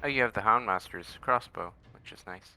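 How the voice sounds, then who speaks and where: Deep-voiced man musing over a game. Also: creaky, sharp tone. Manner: halting, full of fillers. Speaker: video game co-op player. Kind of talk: casual gameplay chat.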